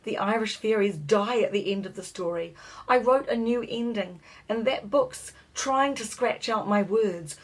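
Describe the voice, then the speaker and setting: A woman voicing a frightened young boy in a storybook, yelling and pleading in a high, breathy voice. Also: unhurried, natural voice, rough recording.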